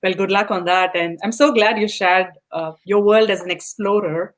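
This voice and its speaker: A woman's voice: medium pitch, steady tone, normal speed. A woman hosting a podcast, asking questions in an encouraging, appreciative way. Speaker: podcast host. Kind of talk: interview questions.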